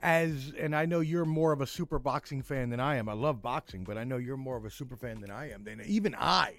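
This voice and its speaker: A man's voice: mid-range voice, fairly quick, no echo. A man co-hosting casual sports talk, an eager fan who asks questions and voices his frustration.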